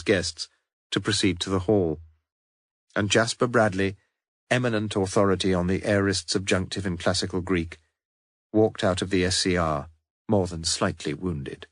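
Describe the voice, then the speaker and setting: Low-voiced male audiobook narrator. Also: moderate pace, fairly bright tone, dry recording, clean studio sound. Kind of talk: scripted narration.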